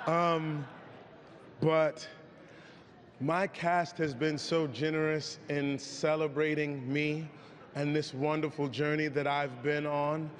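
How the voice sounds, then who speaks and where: A hoarse actor answering reporters candidly in an awards press room. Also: male voice, on the high side, in a large hall. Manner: candid, reflective, loosens up when excited.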